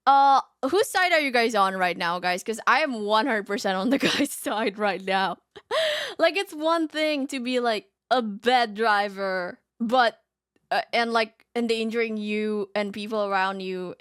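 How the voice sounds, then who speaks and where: A woman streamer reading a story aloud and reacting in casual chat, animated and giggly, often laughing. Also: medium pitch, clear, resonant tone, no room sound, studio quality. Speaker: VTuber streamer.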